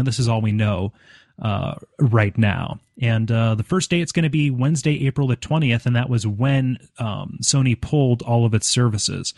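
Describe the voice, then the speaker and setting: A man hosting a casual gaming podcast, talking in a halting way with many fillers and restarts. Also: lowish voice, a little mellow, no echo, studio quality. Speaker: podcast host.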